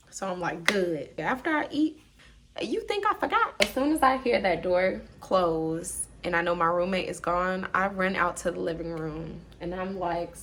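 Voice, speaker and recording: A woman's voice: on the low side, a bit bright, slight background noise. A young woman casually telling a storytime monologue, blunt and profane, acting out both sides of an argument.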